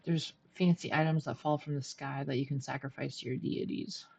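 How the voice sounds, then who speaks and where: A woman's voice: a bass voice, steady tone, fairly quick, vocal fry, a little mellow, breathy edge. A woman streaming a game, chatting and thinking aloud as she plays and talks to her viewers. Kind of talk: live gameplay commentary.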